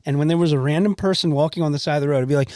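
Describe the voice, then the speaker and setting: A man's voice: a little high, racing, a little hiss or hum. A man from New Jersey, hosting a podcast and telling stories in casual chat, swearing freely and acting out the people he describes. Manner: animated storyteller, swears freely, acts out the people in his stories. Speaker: podcast host.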